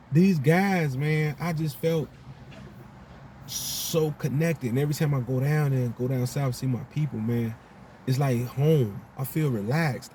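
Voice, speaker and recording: An older man from Chicago vlogs a casual monologue to camera in a mellow, mid-range voice, laid back and full of slang. He keeps asking "you know what I'm saying." The low-quality recording carries slight background noise.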